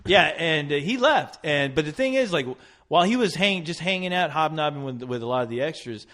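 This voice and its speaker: A man's voice: on the high side, fairly quick. A man telling a story in a casual podcast chat, laughing often and acting out what others said. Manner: animated storytelling, laughing, acts out quotes. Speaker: co-host.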